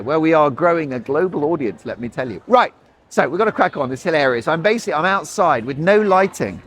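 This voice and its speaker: A talk show host in his forties delivers rambling, sarcastic commentary in a chatty way. His voice sits fairly high for a man. He is outdoors, with faint noise behind him. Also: big pitch swings, a little fast, fairly bright tone. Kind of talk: opinionated commentary.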